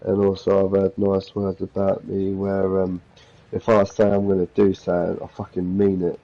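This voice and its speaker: A man's voice: low-pitched, completely flat delivery, moderate pace, vocal fry, warm tone, dull audio. A man chatting casually on a stream, rambling through stories with easygoing swearing. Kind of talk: casual chat on a livestream.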